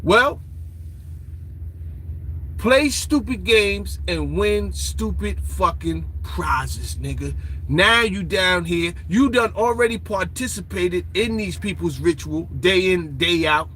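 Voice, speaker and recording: A man's voice: high voice, lively intonation, slow, a bit bright, a little hiss or hum, poor audio. A man giving a profane, ranting lecture, taunting and quizzing his listeners in a confrontational way. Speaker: online lecturer.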